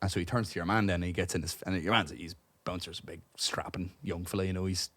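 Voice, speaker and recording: Irish man, young adult, low voice, dry close mic, chatty storyteller, swears freely. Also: fast, no room sound. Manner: animated, profane anecdote telling with many asides. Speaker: podcast co-host. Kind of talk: casual storytelling chat. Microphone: podcast studio microphone.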